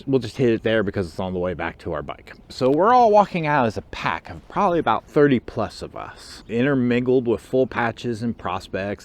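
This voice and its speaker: A man hosting his own channel, telling a story in a casual, animated way and acting out the other people in it. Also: lowish voice. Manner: animated storyteller who acts out quotes and chuckles. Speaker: motorcycle club officer and channel host.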